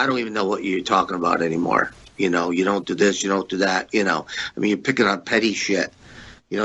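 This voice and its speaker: A man with a lowish, forceful voice tells candid stories from his past. He is blunt and swears often, and his voice jumps up when he acts out the people he quotes. The audio is dull and lo-fi. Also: husky. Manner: blunt, profane, animated when quoting others. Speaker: guest, former pro wrestler. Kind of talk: candid storytelling interview.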